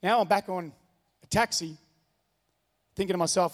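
A man's voice: sits high, normal speed, long reverb tail. A man preaching a sermon, telling a personal story in an earnest way and repeating his key phrases. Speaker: pastor.

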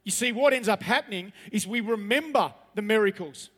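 A man's voice: high-pitched, brisk, fairly bright tone, long reverb tail. A man preaching a sermon as pastor, reading scripture aloud and then pressing his points with rising emphasis.

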